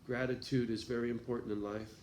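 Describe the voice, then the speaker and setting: A man's voice: medium pitch, level tone, fast, darkish tone, echoey room, slight background noise. A man talking casually to his viewers in a rambling, profane vlog monologue, often laughing. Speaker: vlogger.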